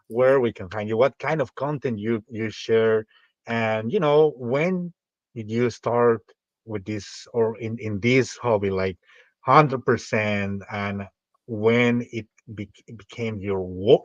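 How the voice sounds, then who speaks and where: A man's voice: mid-range voice, no echo. A man from Mexico with a Mexican Spanish accent, hosting a podcast and chatting hesitantly as he searches for words. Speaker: podcast host. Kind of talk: casual chat. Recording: dull dry mic.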